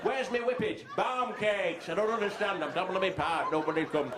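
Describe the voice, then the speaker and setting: A man's voice: high-pitched, a little fast, a crowd in the background, background noise, pitched above the performer's own voice, lightly acted. A man voicing a bewildered trapped man, whining plaintively. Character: bewildered northern English man trapped under rubble.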